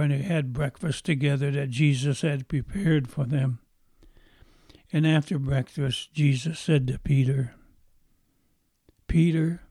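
A man's voice: fairly high pitch, dark tone, husky, no room sound, studio quality. A man preaching a sermon, retelling a story in a folksy way and repeating phrases for emphasis.

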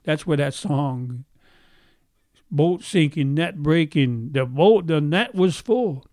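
A middle-aged male pastor delivers a sermon in a slow, warm, slightly high voice. He carries a faint brogue-like trace of a childhood speech impediment. He repeats phrases for emphasis, and the sound is dry and close. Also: animated, no echo. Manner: earnest preaching, repeats phrases for emphasis, asks the congregation questions.

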